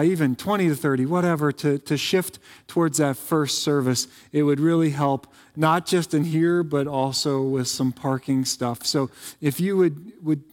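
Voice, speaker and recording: A man preaching a sermon in a church sanctuary, talking in a conversational, joking way with lots of fillers and restarts. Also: a little high. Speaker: pastor. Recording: reverberant sanctuary.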